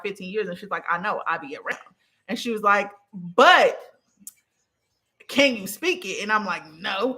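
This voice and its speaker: A young woman casually telling a story, animated and profane, laughing often, with speech. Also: mid-range voice. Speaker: vlogger.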